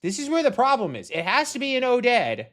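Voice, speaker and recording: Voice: medium pitch, wildly swooping pitch, fairly quick. A young adult hobby game developer commenting casually while coding, exasperated, talking to themself and swearing often. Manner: rants loudly at an online commenter.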